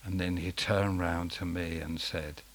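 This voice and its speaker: A man preaching a sermon as dramatic storytelling, dropping to a hush and then rising to loud outbursts. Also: low voice, flat delivery, measured pace.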